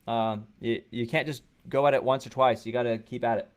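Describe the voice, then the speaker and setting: A man with an ordinary mid-range voice hosts a livestream Q&A from a small studio room. He reads viewer questions and answers them in a relaxed, conversational way. His answers are blunt and full of fillers. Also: medium pitch, fairly quick. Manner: loose and conversational, with frequent fillers and blunt advice. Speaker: host of a coding livestream. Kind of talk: casual livestream Q&A, reading chat questions.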